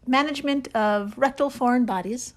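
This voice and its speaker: A woman's voice: high-pitched, normal speed. A woman co-hosting a casual podcast, giggling often as she talks. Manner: giggly, laughs often while reading. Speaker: podcast co-host.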